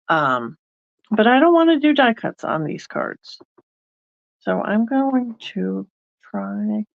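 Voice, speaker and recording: A woman's voice: medium pitch, vocal fry, dull audio. A woman hosting a card-making video, chatting casually and thinking aloud as she works. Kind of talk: casual crafting demonstration.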